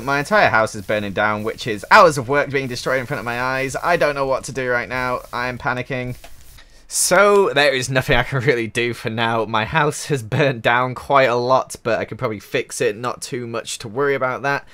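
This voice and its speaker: A young man talks through his game play in a middle-pitched voice. He sounds excitable, breaking into loud exclamations and strings of repeated words whenever something catches him off guard. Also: normal speed. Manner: excitable, exclaiming and repeating himself when surprised. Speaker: gaming YouTuber. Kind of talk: Minecraft let's-play commentary.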